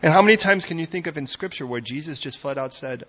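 A man preaching a sermon as a pastor, dramatic, swinging from loud emphatic lines to hushed ones. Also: fairly high pitch, expressive, quick pace, highs cut off.

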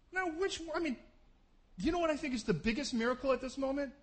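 A man preaching a sermon, animated, acting out scenes with voices. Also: very high-pitched, fast. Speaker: pastor.

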